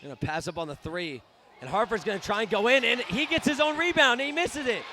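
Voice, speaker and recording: A young man doing live play-by-play for a high school basketball game, often shouting in outrage at the referees. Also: fast, a little hiss or hum. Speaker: student play-by-play commentator.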